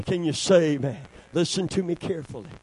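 A man's voice: fairly high pitch, brisk, darkish tone, husky. A man preaching a sermon, calling for amens and breaking into song. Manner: call-and-response, asks congregation for amens.

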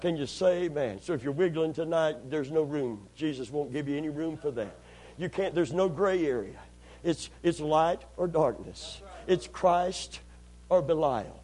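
A man with a high voice preaching to a congregation. He calls out for amens and repeats key phrases. His delivery swings from steady teaching into impassioned, drawn-out shouts. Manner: call-and-response, rising to impassioned shouting. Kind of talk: sermon.

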